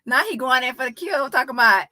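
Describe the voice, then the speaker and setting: A woman talks through a clip in a lively reaction style, breaking into laughter and loud exclamations. Her voice is bright and sits a bit high. The sound is close and dry, with no room around it. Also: fast talker, dry recording. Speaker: reaction commentator. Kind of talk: casual reaction commentary.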